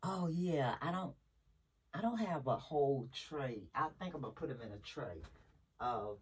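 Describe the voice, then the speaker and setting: Speaking into a camera close by, a great-grandmother vlogger rambles casually to her audience at home, emotional and jumping between subjects. Her voice is extremely low and slightly rough, expressive, at a normal speed.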